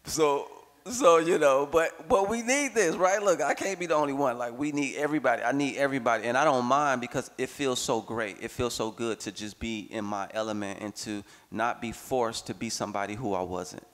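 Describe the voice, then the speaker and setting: A man talking as a workshop speaker, giving an expressive personal testimony that swings between playful bursts and slow, reflective stretches. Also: medium pitch, long reverb tail.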